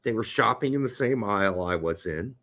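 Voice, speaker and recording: A man's voice: lowish voice, animated, fairly quick, a bit bright. A middle-aged man from Indiana, co-hosting a podcast and telling stories in a blunt, profane, casual way. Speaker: podcast co-host. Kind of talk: casual chat.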